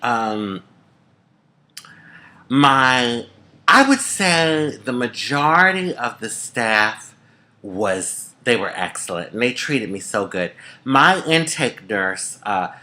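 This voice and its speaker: A middle-aged woman from the United States telling a personal story to camera in a chatty, expressive way, often calling the listener honey. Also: extremely low pitch, takes it slowly. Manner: chatty and expressive, calls viewers honey, swoops up for emphasis. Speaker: vlogger.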